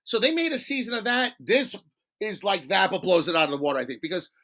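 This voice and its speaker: Give me an animated man telling wild stories as a guest, with a bright, tense edge to his voice. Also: sits high, fast talker. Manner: animated, swears, laughs mid-story, acts out quotes. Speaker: podcast guest. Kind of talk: casual storytelling interview.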